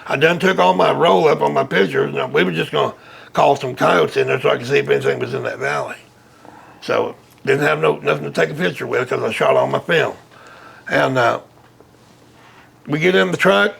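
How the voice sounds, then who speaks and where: Man, high and gravelly, animated storyteller guest. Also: fairly quick. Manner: animated, acts out quotes loudly. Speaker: interview guest, witness. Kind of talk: casual storytelling.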